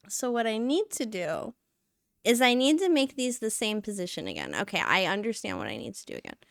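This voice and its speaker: Chatty and rambling, this woman talks to her live-stream audience while working, narrating herself and a bit short of breath. Her medium-pitched voice is sing-song and creaky, moving at a normal speed, captured in studio quality without any room sound.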